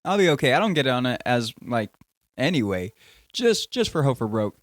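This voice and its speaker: A man's voice: mid-range voice, very animated, moderate pace, no echo, studio quality. A young man hosting a casual podcast, rambling and joking, often cutting himself off mid-sentence. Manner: rambling, jokey, self-interrupting. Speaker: podcast host.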